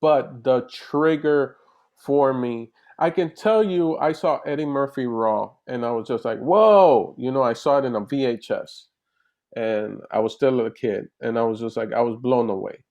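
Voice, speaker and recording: A man, a comedian, chatting casually in an interview over a video call, animated and rambling with restarts. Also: medium pitch, moderate pace. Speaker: comedian guest.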